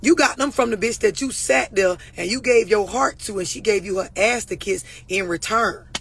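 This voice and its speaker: Blunt, husky-voiced woman coach. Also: medium pitch, moderate pace. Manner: blunt, profane, preachy, addressing viewers directly. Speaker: relationship and mental health coach. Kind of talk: unscripted talk to camera.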